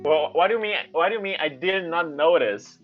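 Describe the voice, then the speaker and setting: A man's voice: fairly high pitch, a little fast, soft background music. A man co-streaming, talking in a confused, stammering way, with muffled audio.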